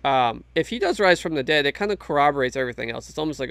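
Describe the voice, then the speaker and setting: Guy with a gravelly voice, earnest, keeps restarting his sentences. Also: fairly high pitch, expressive, racing, a bit bright, no echo. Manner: earnest, emphatic, many restarts. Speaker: Christian guest in a faith discussion. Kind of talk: casual conversation.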